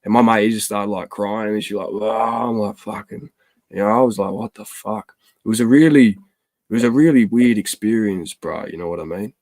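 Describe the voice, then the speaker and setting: Sweary, low-voiced man telling stories. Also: fairly quick, no echo. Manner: sweary, storytelling, animated quoted voices. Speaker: podcast host. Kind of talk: casual chat.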